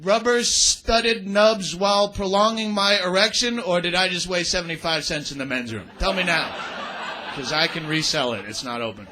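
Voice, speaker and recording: A male stand-up comedian with a high voice and normal speed banters with the crowd from a comedy club stage in a crude, rambling manner. The live recording is noisy, with a loud crowd and audience laughter.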